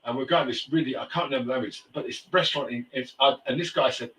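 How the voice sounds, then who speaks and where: A man's voice: medium pitch, rapid-fire, sharp tone. A man hosting a casual talk show, telling stories in a rambling way with many restarts and fillers. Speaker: host. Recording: roomy, distant mic.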